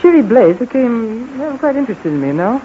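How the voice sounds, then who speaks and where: A young radio-serial pilot hero, putting on a jaunty British manner full of old chaps and jollies. His pitch leaps around lively. It is a muffled 1940s radio recording with faint hiss underneath. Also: fairly quick. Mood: breezy. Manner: jaunty, uses British slang like jolly and old chap. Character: young male pilot hero faking a clipped upper-class British manner. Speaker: radio drama lead.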